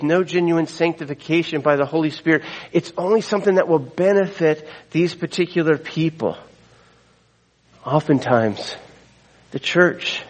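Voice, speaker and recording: A man's voice: a little high, low-quality recording. A man preaching a sermon as a pastor, retelling the story in a conversational way with asides to the congregation.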